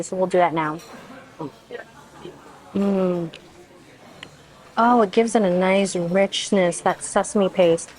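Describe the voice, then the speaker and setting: A woman's voice: fairly low pitch, rough recording. A woman food vlogger tasting dishes and talking to the camera, effusive and exclaiming often as she eats. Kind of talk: casual food review to camera.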